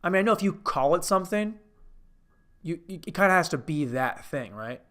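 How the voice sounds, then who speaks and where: Man, host of a comedy review show, higher-than-usual voice, rambling, self-correcting, profane. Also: expressive, brisk, a bit bright.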